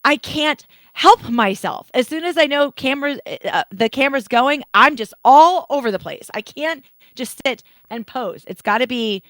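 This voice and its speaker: Woman, co-host, casual chat, high voice, bright tone, playful teasing. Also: animated, normal speed, dry recording. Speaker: podcast co-host.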